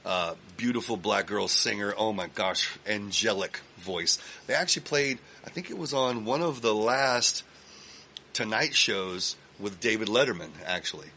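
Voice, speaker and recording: With a voice on the low side and a moderate pace, this podcast guest from Texas spins lengthy yarns in the studio over slight background noise. His storytelling is casual, animated and profane, loaded with fillers and false starts.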